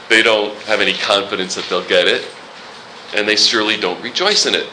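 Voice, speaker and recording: Bright-voiced man preaching conversationally. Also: on the low side, a little hiss or hum, poor audio. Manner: conversational, joking asides. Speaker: pastor. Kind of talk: sermon.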